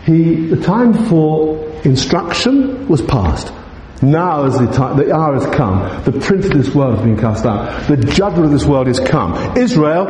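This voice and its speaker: A man preaching in a church hall, his voice rising and falling through a lively, animated delivery. His tone is dark and mellow, and he teaches emphatically with rhetorical questions. The sound rings with strong echo and a long reverb tail. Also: high-pitched, a little hiss or hum. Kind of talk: expository sermon.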